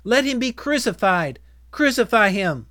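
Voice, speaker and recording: A man voicing an angry mob in a dramatized scripture reading, shouting forcefully. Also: sits high, big pitch swings, unhurried, dry recording, studio quality, voice pushed up, heavily acted.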